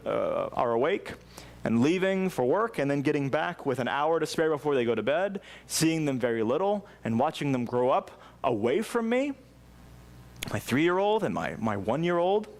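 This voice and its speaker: Earnest man preaching, dropping to a hush. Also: a little high. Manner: earnest, drops to a soft hush for intimate lines. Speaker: pastor. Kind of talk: sermon. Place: church sanctuary.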